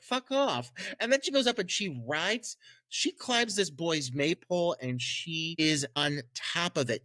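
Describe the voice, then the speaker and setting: A man's voice: high-pitched, fairly bright tone, no echo. A man co-hosting a podcast, talking through a movie in a casual, profane, gushing way. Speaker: podcast co-host. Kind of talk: casual film review chat.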